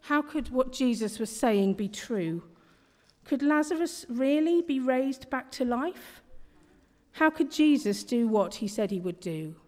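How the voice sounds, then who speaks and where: A woman reading a rhyming Bible story in a slow, measured, expressive way. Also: high-pitched. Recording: long hall reverb.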